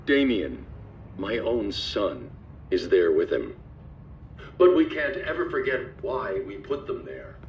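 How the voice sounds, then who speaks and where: An actor playing a brooding male vigilante who narrates slowly and solemnly in a game. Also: fairly low pitch, sing-song, a little hiss or hum, full character voice. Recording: distant, muffled narration.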